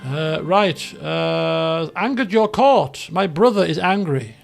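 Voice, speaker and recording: A man with a high, gravelly voice gives casual gameplay commentary over faint game music. He rambles with plenty of fillers and breaks into excited outbursts. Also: takes it slowly. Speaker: let's play gamer.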